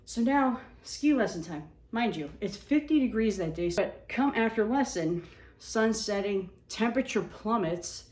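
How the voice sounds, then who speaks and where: A woman telling funny personal stories in a casual, animated, self-mocking way. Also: mid-range voice, a little slow, recorded from a distance. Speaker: storyteller. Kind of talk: casual storytelling. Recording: echoey room.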